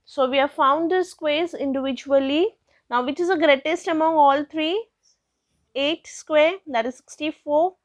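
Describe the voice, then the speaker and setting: A woman's voice: high-pitched, a little slow, no echo, studio quality. A young woman teaching a maths lesson step by step, asking questions and answering them herself. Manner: patient, asks questions then answers them.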